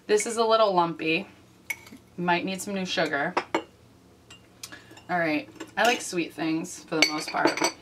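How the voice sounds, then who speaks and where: A woman hosting a casual comedic vlog, delivering wry, deadpan asides. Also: lowish voice, measured pace, long pauses, recorded from a distance, heavy background noise. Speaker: vlog host.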